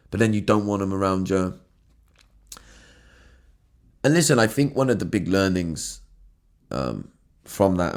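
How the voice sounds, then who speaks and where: A man hosting his own podcast, talking earnestly and emotionally, often stumbling and restarting his words, with casual swearing. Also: low voice. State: emotional, has been crying. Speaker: podcast host. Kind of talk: emotional solo podcast monologue.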